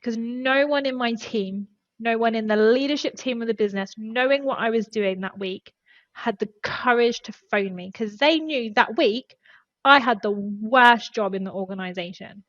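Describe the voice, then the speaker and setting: A woman's voice: fairly high pitch, moderate pace, fairly bright tone, dry recording, dull audio. A woman, a podcast guest and former HR specialist, telling an earnest and emotional story in casual conversation.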